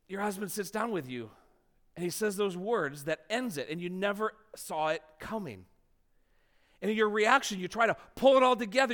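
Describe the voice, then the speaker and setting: A pastor preaching a sermon, his voice sitting high for a man. He tells stories in an animated, self-deprecating way. The sound carries the long reverb of a large church sanctuary.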